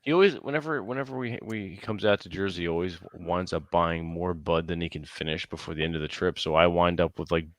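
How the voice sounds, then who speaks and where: A man with a very deep voice chats casually in a dry, close sound. He swears freely and stumbles over repeated words before getting his point out. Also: quick pace, few pauses, no room sound. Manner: profane, stammering repetitions. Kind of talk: casual chat.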